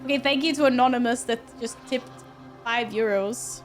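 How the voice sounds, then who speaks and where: A woman with a bright, high voice streams a game and talks straight to her chat. She is chatty and expressive, laughs easily, and keeps thanking supporters, with faint game music playing underneath. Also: moderate pace. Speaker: livestreamer. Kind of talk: casual live-stream chat with viewers.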